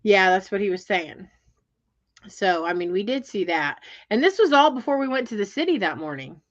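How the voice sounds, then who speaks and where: A woman telling a story in casual chat, animated and exasperated, with lots of fillers and restarts. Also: medium pitch, normal speed. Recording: dull lo-fi sound.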